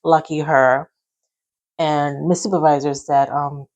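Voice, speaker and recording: A woman telling a personal work story in a casual, animated way, acting out what others said. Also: sits low, slow pace, pauses often. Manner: animated, acts out quotes of others. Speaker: podcast host telling her story.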